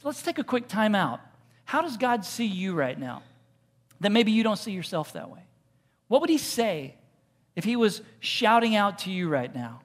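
A pastor preaching a sermon in a lively, joking way, with asides and rhetorical questions put to the congregation. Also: mid-range voice, normal speed, big-room sound.

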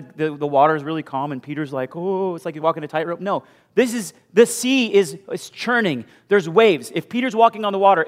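A male pastor preaching a sermon with animated storytelling, moving from loud bursts to hushed asides. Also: on the high side. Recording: long hall reverb.

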